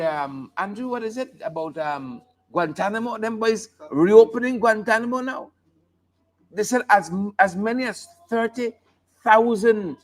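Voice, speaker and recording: Man, high voice, playful joking host, casual news chat. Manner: joking, playful, sings snippets and laughs often. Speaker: talk show host. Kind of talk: casual live show commentary.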